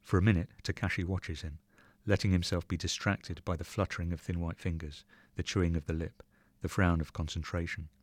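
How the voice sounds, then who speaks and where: A man reading a short story aloud in measured, even narration. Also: low-pitched, no echo. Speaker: reader.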